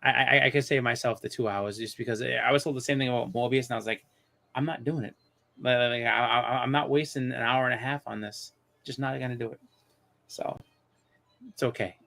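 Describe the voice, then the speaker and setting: A man in his thirties at mid pitch, hosting a live stream in loose casual chat. He rambles, stumbles over his words and restarts often while telling stories. His pitch sits right in the middle for a man. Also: fairly even intonation, fast, vocal fry, pushed and bright. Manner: rambling, many restarts and fillers. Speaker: host of a live comics show.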